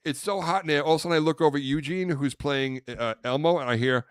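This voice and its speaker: A man co-hosting a podcast, telling a long comic story in a casual, animated way and acting out voices. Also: on the high side, quick pace, smooth, no room sound, studio quality. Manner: animated, acts out quotes loudly. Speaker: podcast co-host, comedian.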